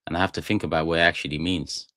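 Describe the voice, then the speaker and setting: A young man hosts a live stream, chatting to his viewers in a loose, rambling and jokey way. His voice sits low, and the close mic in the small studio sounds dry, with no room around it. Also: fairly even intonation, rapid-fire, sharp tone, no echo. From England. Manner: rambling, jokey, talks straight to chat. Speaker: fan channel live stream host. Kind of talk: casual live stream chat.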